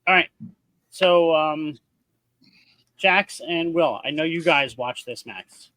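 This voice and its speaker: A man's voice: on the high side, slow, pushed and bright, dry recording, rough recording. A man hosting a wrestling podcast, asking the other hosts questions and reading out viewer comments. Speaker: podcast host. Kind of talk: casual chat, moderating.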